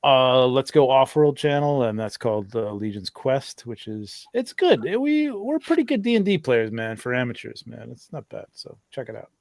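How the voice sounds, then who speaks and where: A man's voice: medium pitch, very animated, normal speed, few pauses, darkish tone, no room sound. Man, middle voice, mumbly, self-deprecating, dry close sound. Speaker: regular co-host. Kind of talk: casual group chat.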